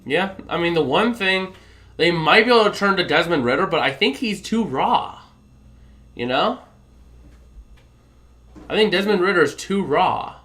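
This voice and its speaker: A man calling play-by-play and reacting to a football game on a live stream, with quick, excited play calling. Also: sits high. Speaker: play-by-play commentator.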